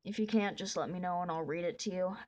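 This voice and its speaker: A woman's voice: lowish voice, fast talker, a little mellow. Chatty woman narrating while she draws. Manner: chatty and rambling, with many restarts. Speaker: artist drawing a fan comic. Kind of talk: casual commentary while drawing.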